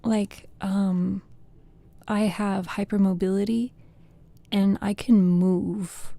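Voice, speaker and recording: A woman streamer reading bedtime poems in a soft voice, then chatting with viewers in a rambling way. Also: medium pitch, steady tone, takes it slowly, vocal fry. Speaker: storytelling streamer.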